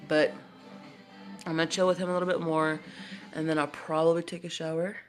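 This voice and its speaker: A woman's voice: low voice, flat delivery, a little fast, faint music behind. A woman vlogger chatting casually at home, rambling with lots of fillers. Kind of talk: casual vlog chat.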